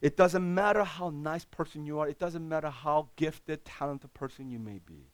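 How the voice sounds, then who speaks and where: A middle-aged man preaching a sermon as pastor, swinging from loud bursts to hushed, low passages. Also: normal speed, no room sound.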